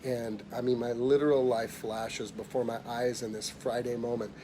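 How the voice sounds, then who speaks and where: A middle-aged man giving a motivational talk, telling a personal story emphatically and dropping quiet when he voices others. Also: mid-range voice, flat delivery, normal speed, noisy background. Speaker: motivational speaker.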